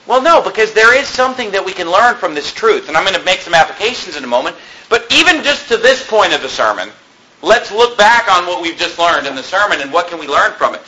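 A man preaching a fiery sermon, reading scripture and breaking into shouted rebukes. His voice sits high and bright, swinging widely in pitch. Faint noise runs under the recording. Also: very animated, fast, rough recording. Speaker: pastor.

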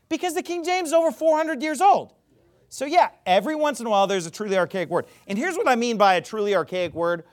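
Animated, high-voiced man rebutting. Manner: emphatic and casual, with repeated restarts. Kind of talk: informal rebuttal talk.

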